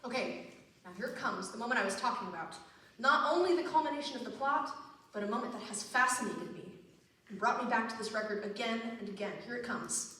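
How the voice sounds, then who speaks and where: In an echoey theater, recorded from a distance, a woman plays a wistful middle-aged man who loves musicals, confiding in the audience and rambling in a stage monologue. Her voice is high-ish, a little fast, pushed and bright.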